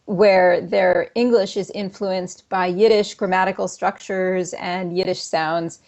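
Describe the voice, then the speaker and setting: A woman's voice: on the low side, fairly even intonation, slow pace, darkish tone, dull audio. A woman, a professor, explaining linguistic points in an interview in a precise way, with occasional ums.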